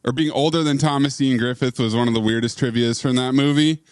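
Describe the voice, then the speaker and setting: A man co-hosting a casual movie podcast, animated and riffing on jokes. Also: mid-range voice, brisk, smooth, dry recording, clean studio sound. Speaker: podcast co-host.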